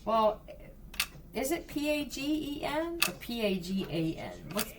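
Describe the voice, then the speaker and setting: A woman's voice: fairly high pitch, sing-song, a little slow, crowd noise. A woman giving a blunt, profane psychic reading, talking straight to the viewer in a casual way. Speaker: psychic reader.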